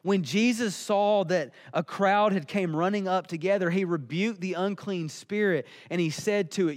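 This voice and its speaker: A man's voice: sits high, moderate pace, few pauses, big-room sound. A man preaching a sermon, earnest and emphatic. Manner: earnest, emphatic, building in intensity.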